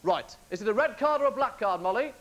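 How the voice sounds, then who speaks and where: A man's voice: high voice, expressive, fast talker, dull audio. A young man, doing live comedy patter on stage while scolding and coaxing a puppet partner. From West Midlands, England. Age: 20s. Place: TV studio stage before an audience. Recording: loud noisy broadcast with clicks.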